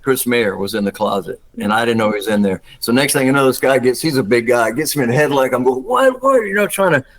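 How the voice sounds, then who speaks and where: An older man from Georgia with a Southern accent, telling stories as a guest, acting out quotes with big jumps in pitch and laughing often. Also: fairly even intonation, quick pace, few pauses, low-quality recording. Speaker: guest actor. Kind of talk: casual storytelling interview.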